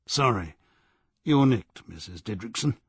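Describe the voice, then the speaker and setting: Male reader as a firm, pushy detective; husky crime audiobook voice. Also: lowish voice, animated, unhurried, no echo. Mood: pressing. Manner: firm, pressing questions. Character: blunt, dogged male police detective.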